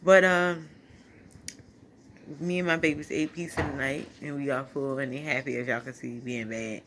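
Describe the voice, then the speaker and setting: In a rumbling low, fairly bright voice with fairly even intonation, a tearful woman at normal speed shares a casual testimony on her phone. It's night at home, and this vlogger laughs and preaches as she talks through tears.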